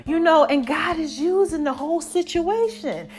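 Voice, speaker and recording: A middle-aged woman hosting her podcast, talking in an animated, preachy way and a little out of breath. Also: extremely high pitch, moderate pace, faint music behind. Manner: animated, preachy, hypes her shows, calls listeners y'all and baby. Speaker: podcast host. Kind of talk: casual monologue to listeners.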